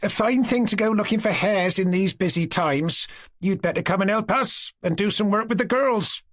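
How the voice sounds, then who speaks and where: A man's voice: high voice, moderate pace, a bit bright, pitched above the performer's own voice. A man voicing a pompous old Cossack officer who puts on fancy, wordy speech.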